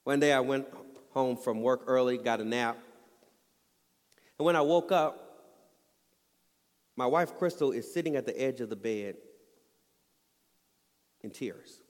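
A man's voice: medium pitch, measured pace, long pauses. A man preaching a sermon, telling an earnest family story and building to emphatic points. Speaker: pastor. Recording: long hall reverb.

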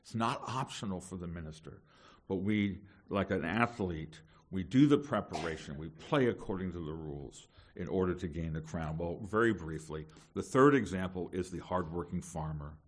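A middle-aged man, a pastor, preaching a sermon to seminary students in an emphatic, animated way, with rhetorical questions. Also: low voice, moderate pace.

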